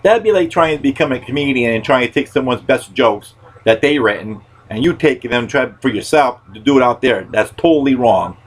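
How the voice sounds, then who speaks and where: A man hosting a podcast, telling a story in a loud, rambling way and swearing freely. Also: mid-range voice, expressive, brisk, hardly any pauses, husky, poor audio. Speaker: podcast host.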